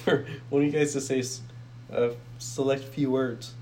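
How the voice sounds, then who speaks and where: A teenage boy at a middle pitch, chatting casually with friends. He mostly cuts in with short, dry remarks. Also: flat delivery, moderate pace, a little mellow. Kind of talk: casual chat.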